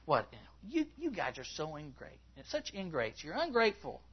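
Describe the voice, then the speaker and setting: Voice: medium pitch, huge pitch swings, normal speed, breathy edge. A preacher voicing a whiny, self-pitying churchgoer who complains nobody notices the work, in a dull lo-fi recording. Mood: whining.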